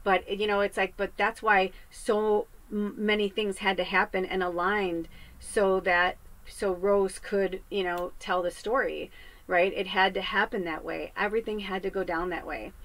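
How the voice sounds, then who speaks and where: A woman's voice: mid-range voice, fairly even intonation, moderate pace, a bit bright, rough recording. Rambling, chatty woman medium. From US West Coast. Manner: rambling, chatty, swears freely. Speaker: psychic medium. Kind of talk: casual spiritual monologue. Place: home podcast set.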